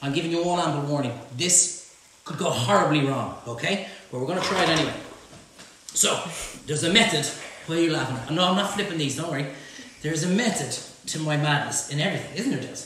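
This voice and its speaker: A man's voice: on the high side, lively intonation, fairly quick, background noise. An Irish man hosting a live cook-along from his kitchen, joking and bantering with viewers as he reads out their comments. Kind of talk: live-streamed cooking demonstration. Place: home kitchen. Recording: echoey kitchen room.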